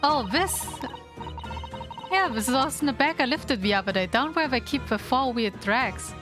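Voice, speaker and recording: A proud, mouthy street thief girl voiced by a woman reading aloud snaps back in slang with a high voice. Game music plays clearly under the lines. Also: animated, moderate pace. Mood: cheeky. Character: cocky young female street pickpocket, proud of her trade.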